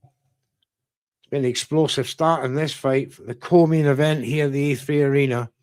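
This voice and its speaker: A man commentates live boxing on a watchalong stream from the UK, his mid-range voice somewhat mellow, clear and resonant, with fairly even intonation and a moderate pace on a dry recording. He keeps things conversational, answering chat and greeting viewers by their chat names.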